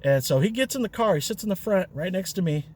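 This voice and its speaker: A man with a voice a touch higher than most tells a rideshare story in an easygoing, rambling way. He leans on fillers and small chuckles as he goes. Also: animated, fast talker, a little mellow, a little hiss or hum. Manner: chatty, loose, with fillers and chuckles. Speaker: rideshare driver and vlogger. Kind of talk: casual storytelling.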